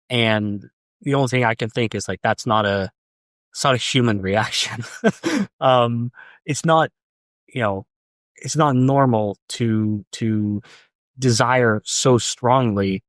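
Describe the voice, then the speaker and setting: A young man in his twenties speaks at a middle pitch, stumbling over his words and circling back as he recounts a personal story. He sounds close and dry on a podcast microphone, with no room around him. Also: fairly bright tone, no echo. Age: young adult. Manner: halting, repeats words, many ums. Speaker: guest. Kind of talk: casual interview storytelling.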